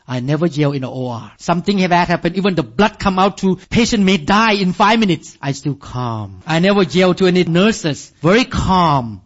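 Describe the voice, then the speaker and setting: A man's voice: on the high side, lo-fi sound. A man preaching a sermon, emphatic and repetitive, calling on the congregation to answer back.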